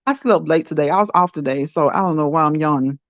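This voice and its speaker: Speaking fast in a deep voice, this livestream host chats casually with her audience. She keeps laughing and repeating herself, and the sound is dull, dry, and lo-fi with no echo.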